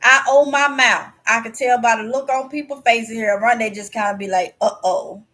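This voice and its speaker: A woman's voice: a little high, moderate pace, pushed and bright. A woman from Mississippi with a Mississippi Southern accent, telling stories to her vlog audience in a chatty, candid, folksy way. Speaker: vlogger. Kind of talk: casual storytelling to camera.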